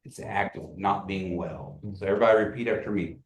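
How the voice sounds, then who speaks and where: A man teaching a community language class, joking with students and slowly repeating phrases for them. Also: deep voice, distant mic. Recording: echoey classroom.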